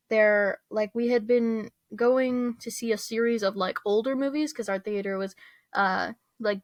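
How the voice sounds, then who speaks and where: A woman's voice: a little high, dry recording. A young woman rambling through a casual rant, full of fillers, restarts and small laughs. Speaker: vlogger.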